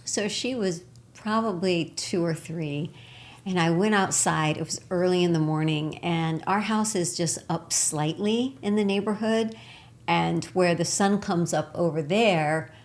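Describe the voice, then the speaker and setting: A woman co-hosting a spiritual talk show, talking warmly and with enthusiasm, often laughing. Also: lowish voice, measured pace. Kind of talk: casual spiritual chat.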